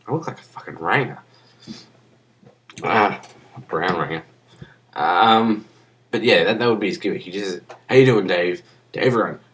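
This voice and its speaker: Low-voiced young man rambling crudely. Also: a bit bright. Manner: crude, profane, off-the-cuff. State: drunk. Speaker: vlogger. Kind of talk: rambling casual monologue.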